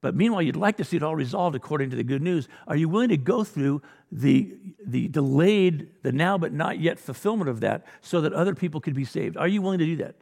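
A man's voice: fairly high pitch, expressive, fast talker, gravelly, hardly any pauses, darkish tone, in a large hall. A man preaching a sermon as pastor, blunt and exhorting, full of rhetorical questions and direct challenges to his listeners.

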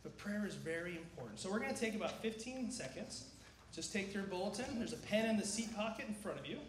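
Give me a high-voiced, energetic man calling out church announcements and quizzing the crowd. He is getting over a cough. It is recorded in an echoey sanctuary with a faint hum of ambience behind. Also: quick pace. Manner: energetic, asks the crowd questions.

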